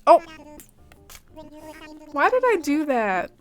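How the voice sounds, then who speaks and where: Chatty woman streamer, higher voice. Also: wildly swooping pitch, slow, soft background music. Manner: chatty, rambling, peppered with "like". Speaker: game streamer. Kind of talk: casual live-stream chat.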